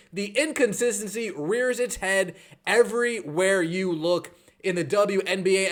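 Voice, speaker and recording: A man with a high-pitched voice delivering a sarcastic sports rant. He mocks as he goes, lingering on numbers with scorn. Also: fairly bright tone. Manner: sarcastic, mocking. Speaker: podcast host.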